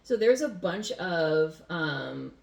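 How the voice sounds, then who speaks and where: A woman's voice: fairly low pitch, big pitch swings, takes it slowly, vocal fry, a little mellow. A woman from the USA co-hosting a casual home podcast, rambling with lots of fillers and laughing easily. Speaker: podcast co-host. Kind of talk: casual chat. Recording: roomy home recording.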